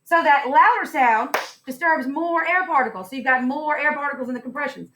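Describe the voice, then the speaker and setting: A woman's voice: sits high, brisk, a bit bright, slight background noise. A woman teacher giving a science lesson in a classroom, upbeat and playful, putting questions to her students.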